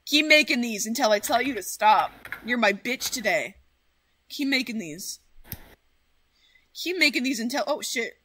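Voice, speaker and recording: A woman streamer chatting casually, excitable and full of swearing as she rambles. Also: fairly high pitch, normal speed, pauses often, a little hiss or hum. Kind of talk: casual livestream chat.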